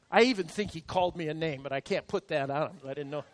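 A man's voice: a little high, fast. A male pastor preaching a sermon in church, emphatic and counting out his points. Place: church service.

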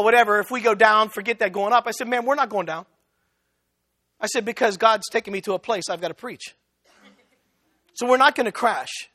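A man preaching a sermon, telling a story and acting out both sides of the conversation. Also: very high-pitched. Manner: animated, acts out both sides of a dialogue.

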